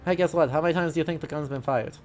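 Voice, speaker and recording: A woman's voice: sits low, racing, darkish tone, faint music behind. A woman streaming a game, reading it and adding dry, wry remarks. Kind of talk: live game reading and commentary.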